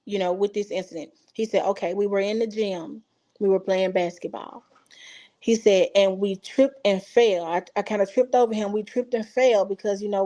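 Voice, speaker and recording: In a mellow, mid-range voice, a woman from Texas who is a mother shares a personal story as an interview guest. Her speech is casual, and she brings emotion to the dialogue she quotes by acting it out.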